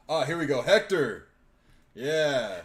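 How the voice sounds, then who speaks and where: A young man hosting a live podcast, casually chatting and excitedly retelling a movie with lots of swearing. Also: mid-range voice, very slow. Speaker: podcast host. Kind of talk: casual chat on a live stream.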